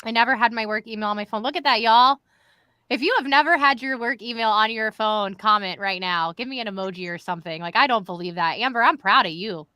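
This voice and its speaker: A woman's voice: a little high, quick pace, bright, forceful tone, clean tone, dry recording. A woman hosting a live stream in casual, chatty talk, addressing viewers directly. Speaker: live show host. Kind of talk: casual livestream chat.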